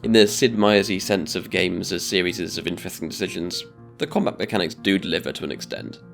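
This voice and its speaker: A man giving a scripted video-essay narration in a measured, deliberate way. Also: low-pitched, vocal fry, a bit bright, faint music behind.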